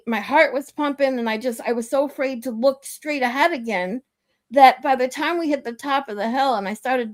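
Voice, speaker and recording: Animated woman telling a swearing story. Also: sits high. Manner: animated storyteller, swears freely, laughs often. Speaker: livestream host. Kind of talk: casual chat.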